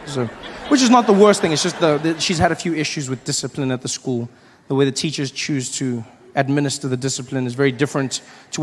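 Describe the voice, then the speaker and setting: South African male comic, high-pitched, lively live stand-up delivery, light audience and noise. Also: in a large hall. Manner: animated storytelling, acting out voices. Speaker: stand-up comedian. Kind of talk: stand-up routine. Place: comedy stage before a live audience. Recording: live show with faint crowd and noise.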